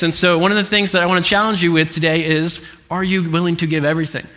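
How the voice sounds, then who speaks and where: A young man delivers an earnest sermon in a bright, forceful voice pitched a little high. He stumbles and restarts as he tells his story. The sound rings with the long reverb of a large church hall. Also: steady tone, quick pace, few pauses. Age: 20s.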